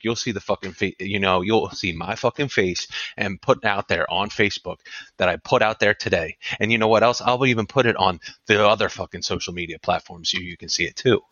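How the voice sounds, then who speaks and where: A man's voice: on the low side, a little fast, no echo. A man in his late thirties, a podcast host, ranting angrily and swearing constantly in a casual podcast talk. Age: 30s. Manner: furious, swearing, forceful. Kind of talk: angry profane rant. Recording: dull lo-fi dry sound.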